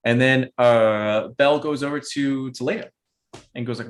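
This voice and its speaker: A man's voice: medium pitch, steady tone, normal speed. A man narrating a tabletop game as game master in a rambling way with many fillers.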